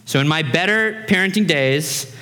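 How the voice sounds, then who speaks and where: Lively bright-voiced male pastor preaching. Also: a little high, normal speed. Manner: animated, conversational, acts out voices in anecdotes. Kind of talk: sermon. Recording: reverberant hall.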